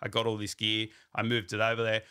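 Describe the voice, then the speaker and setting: A man, a company founder telling his story in a casual, animated way and acting out what people said to him. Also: on the low side, quick pace, clean tone.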